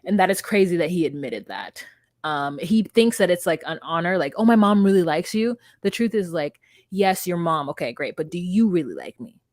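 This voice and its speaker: Blunt young woman co-host, lowish voice, dry close sound, casual recap chat. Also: expressive, moderate pace, no room sound. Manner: blunt, swears freely. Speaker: podcast co-host.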